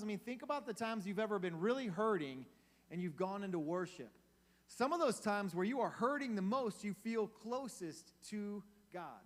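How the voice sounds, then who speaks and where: A man giving a casual, conversational sermon as a youth pastor, asking his audience questions. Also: sits high. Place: church hall. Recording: long reverb of a church hall.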